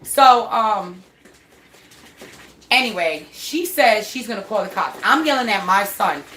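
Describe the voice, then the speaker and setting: A woman casually telling a story about her son, animated and swearing freely as she acts out what people said. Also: mid-range voice, a little slow. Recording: echoey room with faint noise.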